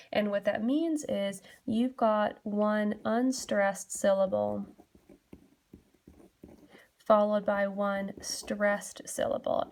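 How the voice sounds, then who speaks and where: A woman's voice: mid-range voice, a little mellow. A young adult woman teacher giving a classroom lesson, explaining patiently and steadily with frequent fillers. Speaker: English teacher.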